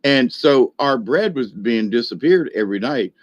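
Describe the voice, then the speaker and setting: A man's voice: mid-range voice, expressive, moderate pace, no echo, dull audio. An older man telling a long, rambling folksy story, full of restarts and fillers. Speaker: video host.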